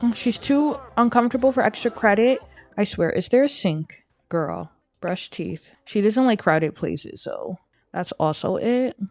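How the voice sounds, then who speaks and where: A woman's voice: mid-range voice, lively intonation, unhurried. Chatty young woman narrating gameplay. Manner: chatty, voices her characters' thoughts. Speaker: gameplay streamer. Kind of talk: casual let's-play commentary.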